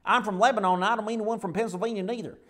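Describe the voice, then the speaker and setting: A man's voice: high-pitched, fairly even intonation, rapid-fire, a bit bright. An actor playing a Lebanese man who suddenly talks with a folksy American Southern drawl, bewildered at himself. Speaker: patient. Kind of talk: comedy sketch acting.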